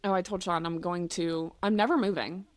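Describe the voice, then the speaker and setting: A woman, co-hosting a podcast in casual chat, playful and animated as she tells stories with quick asides. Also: lowish voice, no room sound. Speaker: podcast co-host.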